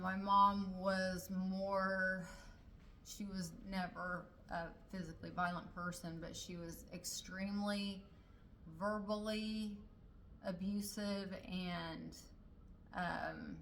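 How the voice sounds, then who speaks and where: A woman's voice: medium pitch, flat delivery, slow, vocal fry, sharp tone, slight background noise, low-quality recording. A middle-aged woman telling a personal family story in a casual way, hesitating often with fillers and restarts.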